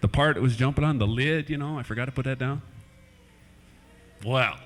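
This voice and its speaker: A man's voice: medium pitch, normal speed. A man doing playful family stand-up comedy in a church hall, chatting with kids in the crowd, on an old VHS recording.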